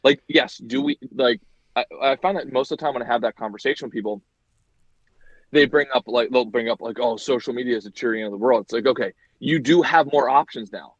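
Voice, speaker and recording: Animated man arguing in podcast chat, dull sound. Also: mid-range voice, fairly quick, husky. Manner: animated, argumentative, many fillers. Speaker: podcast host. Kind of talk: casual chat.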